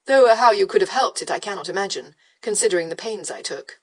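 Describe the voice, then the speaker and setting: A woman reading an audiobook voices an arrogant male aristocrat who drawls and teases in smooth, provocative tones. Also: medium pitch, animated, brisk, close to an everyday voice. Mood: teasing drawl. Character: arrogant, lazily teasing male aristocrat rake. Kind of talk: audiobook character voice.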